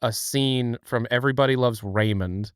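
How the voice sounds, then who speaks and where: A man's voice: mid-range voice, normal speed, clear, resonant tone, no echo, studio quality. A man hosting a casual live stream, rambling and chatting with lots of fillers. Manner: rambling, laughing, filler-heavy. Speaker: streamer host.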